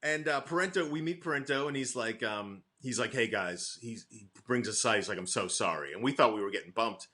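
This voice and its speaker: A middle-aged male comedian from the Boston area, telling animated stories in casual chat and acting out quotes. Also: medium pitch, fast, hardly any pauses. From Boston area, USA. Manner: animated anecdotes, acts out quotes, laughs often. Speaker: comedian guest.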